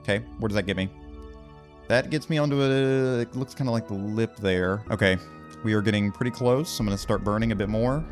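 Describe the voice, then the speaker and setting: A man giving casual let's-play commentary, excitable and talking himself through each move of a game. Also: fairly low pitch, a little fast, faint music behind. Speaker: gaming video host.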